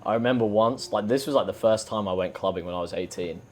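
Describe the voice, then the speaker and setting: A man's voice: lowish voice, quick pace, a little hiss or hum. A young man from England, a podcast guest, telling stories in casual chat and swearing freely. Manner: swears a lot, animated storytelling.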